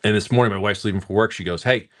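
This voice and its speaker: A man's voice: on the low side, steady tone, rapid-fire. A middle-aged man hosting a casual live stream. He jokes, laughs often, swears freely and rattles off card names while opening packs.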